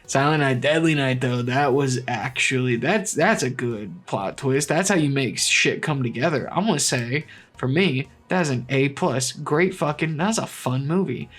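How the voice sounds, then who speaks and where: A young man giving casual, opinionated movie ratings in a blunt, rambling way, swearing freely and breaking into animated asides. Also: medium pitch, measured pace. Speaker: movie vlogger.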